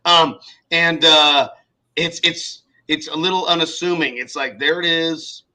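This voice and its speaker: Male podcast co-host with a very bright, slightly high voice, who tells lively stories full of acted-out quotes. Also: measured pace, poor audio. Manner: animated storyteller acting out quoted people, swears freely. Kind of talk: casual chat.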